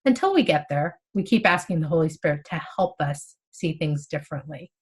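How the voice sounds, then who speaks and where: A woman's voice: low-pitched, brisk, husky. A woman explaining a spiritual text in a casual, conversational way, acting out inner thoughts as she goes. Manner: animated, conversational, acts out inner monologues. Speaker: spiritual study teacher.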